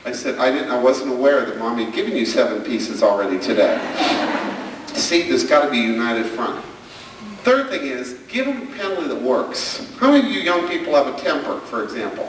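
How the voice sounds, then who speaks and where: On stage in a large hall, a male comedian acts out figures from his stories about family life while a camcorder in the crowd records from afar. He talks at normal speed in a voice on the high side, fairly bright, with big swings in pitch and slight background noise.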